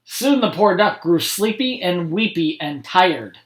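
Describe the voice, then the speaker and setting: A man's voice: sits high, expressive, a little slow, few pauses, fairly bright tone. Man reading picture books aloud. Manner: friendly, chatty asides between read passages. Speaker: school principal.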